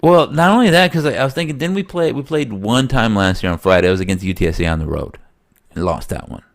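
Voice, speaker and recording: A man co-hosting a sports podcast in casual chat, slightly nasal, rambling and animated, laughing often. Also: medium pitch, fast talker, gravelly. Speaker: podcast co-host.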